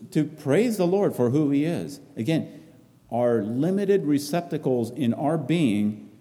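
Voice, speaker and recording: A man preaching a sermon, reading scripture aloud and expounding it in earnest, repetitive, halting phrases. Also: mid-range voice, mellow, in a large hall.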